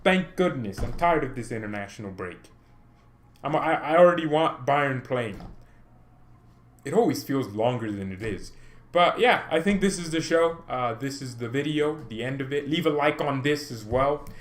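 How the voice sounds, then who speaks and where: A man hosting his own channel, chatting casually and excitedly about football, rambling, laughing and poking fun at himself. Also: mid-range voice, normal speed. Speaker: channel host.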